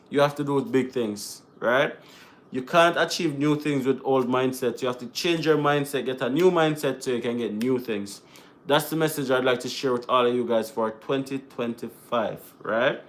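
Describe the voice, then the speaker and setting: Chatty man, slightly high voice. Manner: chatty and laughing, slipping into patois. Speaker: host of a live Q&A stream. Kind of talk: casual live-stream chat, reading viewer comments aloud.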